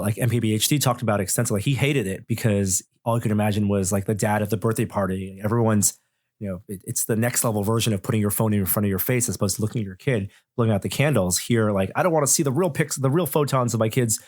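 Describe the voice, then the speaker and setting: A man's voice: on the low side, steady tone, quick pace, darkish tone, no room sound, clean studio sound. A middle-aged man, a tech journalist guesting on a podcast, talking thoughtfully and rambling with many restarts. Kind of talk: casual podcast chat.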